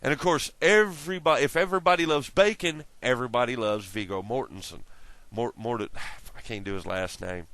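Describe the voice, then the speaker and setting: A man's voice: mid-range voice, a little fast, fairly bright tone, no echo. A man rambling through a casual monologue to his camera, swearing often, laughing at his own jokes and jumping from tangent to tangent. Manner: profane, laughing, jumps between tangents. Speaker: vlogger.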